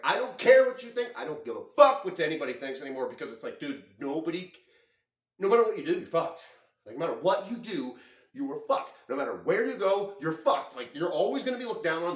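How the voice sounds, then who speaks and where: A man venting in an intense, profane monologue, leaning heavily on filler words. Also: on the high side. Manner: heavy use of filler words. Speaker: vlogger. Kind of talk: emotional monologue. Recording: echoey room.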